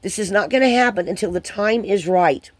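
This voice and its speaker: A woman giving a channeled spiritual card reading to viewers, hesitant and rambling with many pauses and restarts. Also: medium pitch, no room sound.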